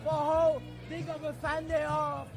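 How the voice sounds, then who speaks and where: A man from France with a French accent, talking in a street interview in an excited, halting way. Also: extremely high pitch, gravelly. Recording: loud crowd and music outdoors.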